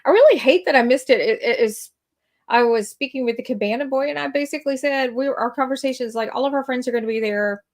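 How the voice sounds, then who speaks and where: A woman's voice: high-pitched, quick pace. Lady hosting a chat, rambles a lot, pokes fun at herself. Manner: rambling, self-deprecating. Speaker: host. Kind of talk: casual chat.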